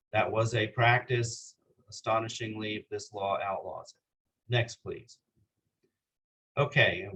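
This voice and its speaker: Male presenter at a legal seminar, mid-pitched voice, earnest, works through slides with some hesitation. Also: a bit bright, slight background noise, low-quality recording. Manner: earnest, with frequent hesitations and calls for the next slide. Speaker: continuing legal education presenter.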